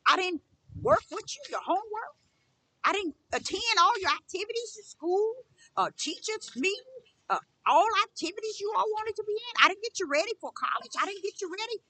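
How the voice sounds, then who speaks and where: A woman's voice: very high voice, sing-song, a little fast, sharp tone, a little hiss or hum. A middle-aged woman preaching a spiritual monologue, emphatic and repetitive, testifying at length. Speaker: spiritual teacher.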